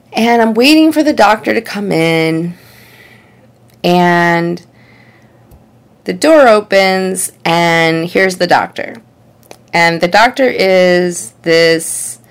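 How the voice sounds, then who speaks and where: With a low voice and vocal fry, a young woman rambles chattily through a funny personal story. It's casual comedic storytelling, packed with "like" and "you know."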